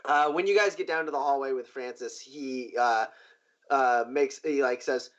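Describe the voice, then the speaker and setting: Give me a relaxed man running a tabletop game, muffled lo-fi recording. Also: medium pitch, normal speed. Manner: relaxed, many fillers, mimics sounds. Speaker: game master.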